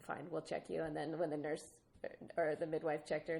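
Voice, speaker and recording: A woman in her thirties with a low, gravelly voice, chatting candidly on a podcast. She laughs often and acts out the people she quotes. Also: little pitch movement, a little fast, a little mellow. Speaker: podcast co-host. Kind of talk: casual chat.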